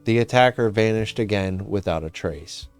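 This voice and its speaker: A man narrating a folklore history in scripted form, measured and dramatic, with casual asides. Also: fairly low pitch, clear, resonant tone, soft background music.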